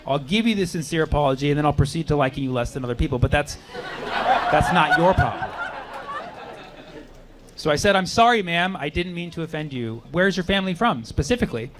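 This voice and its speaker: A man doing a brash, animated stand-up set with crowd work on a comedy club stage. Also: on the high side, a little fast, heavy background noise. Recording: live club recording with loud crowd. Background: audience laughter.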